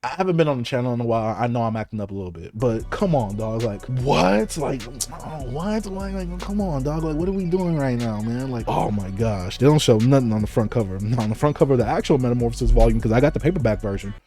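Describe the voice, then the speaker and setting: A young man unboxing manga in an excited, playful casual vlog, exclaiming and joking. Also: mid-range voice, fast talker, hardly any pauses, soft background music. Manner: hyped, playful, exclamatory with laughs.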